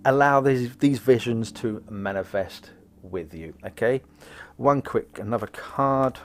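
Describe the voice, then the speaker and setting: A man doing casual card readings for viewers, chatty and prone to wandering off into jokes. His voice sits at an ordinary middle pitch, and he talks in a loose, friendly ramble. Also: unhurried. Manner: rambling, jokey, goes off on tangents. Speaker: psychic card reader, host.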